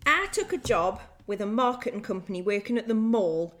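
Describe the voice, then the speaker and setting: A young woman co-hosting a relaxed chat show. She swears freely and breaks into laughter often. She talks in an animated, easygoing way while reading stories aloud. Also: mid-range voice, normal speed. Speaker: podcast co-host.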